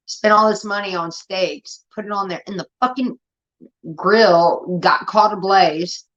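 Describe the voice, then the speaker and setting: A young woman telling rambling, profane stories in casual chat, getting animated as she retells them. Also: mid-range voice, unhurried. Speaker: show host. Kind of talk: casual storytelling rant. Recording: dull lo-fi stream audio.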